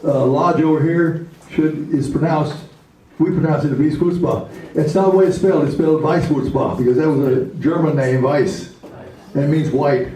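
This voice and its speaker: A man teaching vocabulary to a class, slowly repeating each word and phrase, recorded from a far camera in a community room. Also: on the high side, mellow, a little hiss or hum. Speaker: language teacher. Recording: echoey room from far off with people around.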